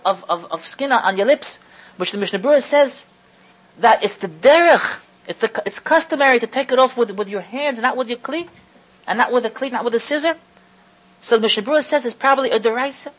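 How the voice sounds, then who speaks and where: A woman teaching a religious lecture to an audience, stressing key words slowly and often restarting phrases as she thinks aloud. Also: a little high, poor audio. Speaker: Torah lecturer.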